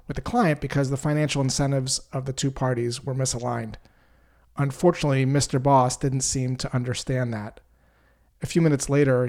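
A man's voice: medium pitch, darkish tone. Man telling a sales lesson story. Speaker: sales trainer.

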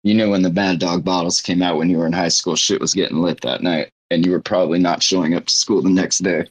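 A man's voice: sits low, steady tone, fast, slightly rough, low-quality recording. An American man making wry, joking comments in a casual chat. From United States.

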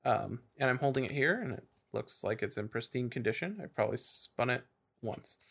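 Man, podcast co-host, casual chat, bright tone, rambling, lots of ums. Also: medium pitch, animated, brisk, gravelly. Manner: rambling, many fillers and restarts.

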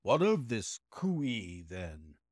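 A man's voice: fairly low pitch, big pitch swings, drawn-out words, no echo, studio quality, full character voice. A man voicing a devoted male doctor companion who asks short questions. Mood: inquiring.

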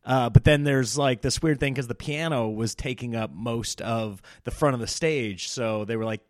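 A man's voice: medium pitch, normal speed, hardly any pauses, no echo, studio quality. Sarcastic man telling a comedy story. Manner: animated, sarcastic, exasperated. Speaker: stand-up comedian and podcast host. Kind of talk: casual storytelling monologue.

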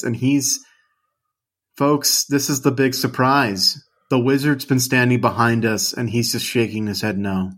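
A man's voice: mid-range voice, fairly bright tone. Wry, foul-mouthed podcast co-host man. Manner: wry, profane banter. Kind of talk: casual podcast chat.

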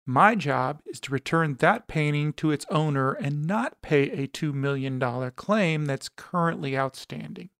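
A man voicing an angry, demanding woman who heads an insurance office, ranting and sharp-tongued. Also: a little high, lively intonation, unhurried, hardly any pauses, no room sound, clean studio sound. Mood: furious.

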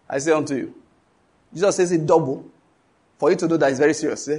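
A man's voice: on the high side, a little fast, long pauses, darkish tone, slightly rough. A middle-aged man with a Nigerian English accent preaching a sermon, emphatic and questioning the congregation so they finish his lines.

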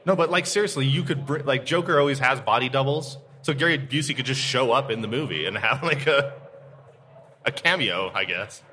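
A man co-hosting a podcast live at a comic convention, playful and quick to slip into impressions. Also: medium pitch, pushed and bright, slight background noise. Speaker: podcast co-host.

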